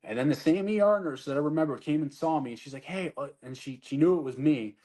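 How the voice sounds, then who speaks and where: A man's voice: a little high, fast talker, mellow. Blunt, profane man telling a story. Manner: blunt and profane, acts out what people said. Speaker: army soldier telling his story. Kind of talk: casual storytelling conversation.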